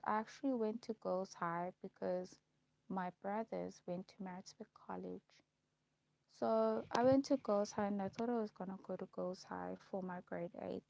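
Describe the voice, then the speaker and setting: A young woman telling her life story in a casual vlog, repeating herself and pausing with ums as she lists memories. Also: mid-range voice, gravelly, darkish tone, dry recording. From South Africa. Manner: repetitive, listing recollections with frequent ums. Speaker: vlogger. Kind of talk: personal storytelling. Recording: dull lo-fi recording.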